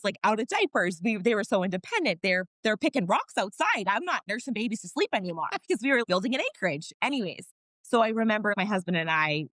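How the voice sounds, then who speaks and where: A woman's voice: mid-range voice, no echo. A woman guest on a podcast, a mother of four, telling her story candidly and earnestly, laughing often and restarting sentences.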